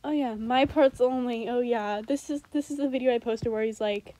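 A young woman reacting to her old raps in a casual, rambling way, switching between loud outbursts and mumbled asides. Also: a little high, normal speed, few pauses, dry recording, rough recording.

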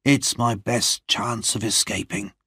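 A badly wounded young man, as a narrator voices him, speaking a little higher than the narrator's own low voice, strained and hushed. The delivery is slow and urgent, with a dry, close sound. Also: fairly even intonation, slightly rough, no room sound, heavily acted.

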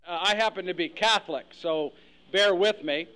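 A man's voice: high-pitched, normal speed, bright, forceful tone, slight background noise, poor audio. A man giving a humorous speech, telling jokes to a luncheon audience and acting out characters. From United States. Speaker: after-dinner speaker. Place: luncheon hall with live audience.

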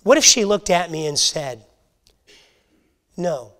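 A man teaching a Bible lesson to a church class, earnest and halting, often restarting his sentences. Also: high-pitched, lively intonation, pushed and bright. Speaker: Sunday school teacher.

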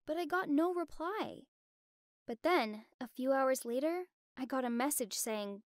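High-voiced young woman narrating a story. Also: unhurried, dry recording, studio quality. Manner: expressive, dramatic storytelling.

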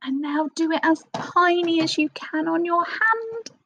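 A woman teaching young children a phonics lesson, speaking in an expressive sing-song teacher voice with little gasps of excitement. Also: extremely high pitch, unhurried, no room sound, lo-fi sound. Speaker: primary school teacher.

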